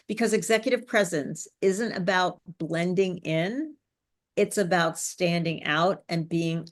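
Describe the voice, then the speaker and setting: A woman speech coach, teaching business speaking skills, varying her pace and bringing her pitch down at sentence ends. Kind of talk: live online presentation coaching.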